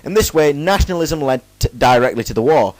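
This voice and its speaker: A young man talks through a school presentation in a relaxed, joking way and keeps cracking self-mocking asides between the facts. The recording is dry and close, with almost no room sound. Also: a little high, fast talker, dry recording, rough recording. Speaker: student presenter. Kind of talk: casual jokey school presentation.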